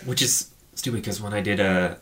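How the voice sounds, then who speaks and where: A man's voice: fairly low pitch, normal speed, a bit bright. A man co-hosting a casual film podcast, talking in a loose, rambling way with plenty of swearing and fillers. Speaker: podcast co-host.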